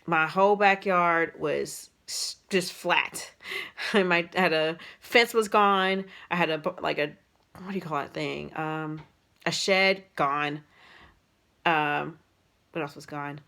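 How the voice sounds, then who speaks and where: A woman's voice: low voice, slow pace, sharp tone. A young adult woman casually telling a personal story on her vlog, rambling with lots of fillers and restarts. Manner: rambling, many fillers and restarts, emotional retelling. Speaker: vlogger.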